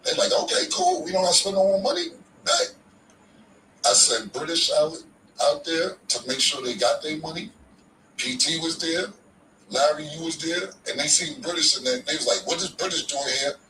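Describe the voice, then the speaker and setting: Laid-back storytelling man with a slangy, profane delivery, a bright edge, and an echoey room from off-mic. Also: fairly high pitch, normal speed, distant mic, a little hiss or hum. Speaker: podcast guest telling a story. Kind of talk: casual storytelling.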